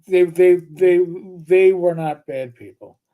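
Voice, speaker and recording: A middle-aged man from New York, a former police officer, telling stories in casual chat with halting restarts. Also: sits high, phone-quality sound. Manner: rambling, halting, many restarts. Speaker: podcast co-host, retired police officer.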